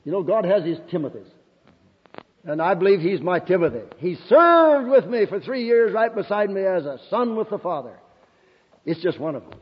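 A man's voice: sits high, animated, normal speed, breathy edge. An older man, a Bible school principal, preaching a fervent testimony sermon, calling out hallelujah and amen. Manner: exclamatory, shouts hallelujah and amen, laughs often. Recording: dull old recording in a reverberant hall.

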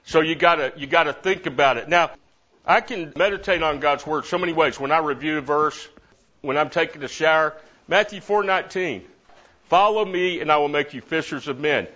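A middle-aged man teaching a Bible class, lively and repeating verses while stressing different words. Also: a little high, normal speed. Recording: dull lo-fi recording.

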